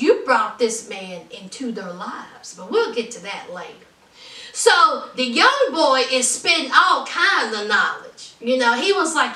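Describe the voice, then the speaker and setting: A woman with a high, bright voice talks through a reality show recap in a sassy, outspoken way, taking her time. She sits back from the mic in an echoey room. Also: big pitch swings, a little slow. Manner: sassy, outspoken, calls viewers honey and y'all. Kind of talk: casual commentary. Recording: roomy echo, distant from mic.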